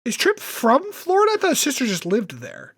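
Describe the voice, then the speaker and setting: A podcast co-host riffing in loose chat, swearing a lot and quick to complain. They rant at length about details that annoy them. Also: high voice, wildly swooping pitch, a bit bright, husky. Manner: profane, ranting, quick to complain.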